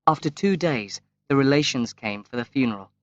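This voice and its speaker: A man reading a graded-reader story aloud as audiobook narration, slow and measured with long pauses. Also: medium pitch, animated, fairly bright tone. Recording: dry, slightly dull lo-fi recording.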